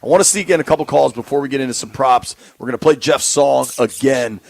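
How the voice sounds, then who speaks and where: A man's voice: mid-range voice, fast talker, vocal fry, dry recording. A man co-hosting a sports radio show, chatting casually with frequent ums and easy laughter. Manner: laughs easily, hesitant with fillers. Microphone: studio microphone.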